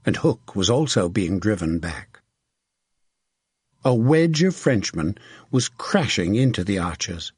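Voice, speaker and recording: Audiobook narrator, man, husky and steady, dry close recording. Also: mid-range voice, no room sound. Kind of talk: scripted narration.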